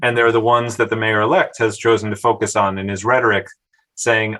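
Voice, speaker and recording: A man speaking as a guest on a podcast, explaining housing and labor issues in a measured, analytical way with mild hesitations. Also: fairly low pitch, level tone, fairly bright tone, rough recording. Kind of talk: podcast interview.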